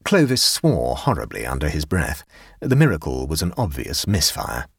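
A man with a deep, husky voice narrates a story in a wry, measured way. His delivery ranges widely in pitch. The recording is dry and close. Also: huge pitch swings, no echo. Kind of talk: audiobook narration.

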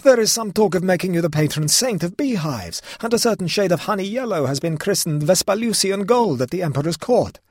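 A man's voice: mid-range voice, sing-song, moderate pace, few pauses, a little mellow, husky, dry recording, clean studio sound, pitched above the performer's own voice. A man voicing an obsequious, bewildered court chamberlain who wails and pleads. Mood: pleading. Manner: wailing, pleading and fawning.

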